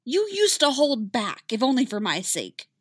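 A woman voicing a fierce, principled young female rebel pilot who speaks in a raised, forceful voice. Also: on the high side, animated, takes it slowly, no echo, studio quality, voice pushed up, full character voice. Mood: indignant.

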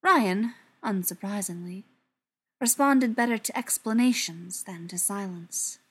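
A woman reads a novel aloud as an audiobook narrator. Her pitch sits in a comfortable middle range. She tells the story expressively, sometimes dropping to near-whispers. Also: measured pace, a bit bright, breathy edge. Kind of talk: scripted narration.

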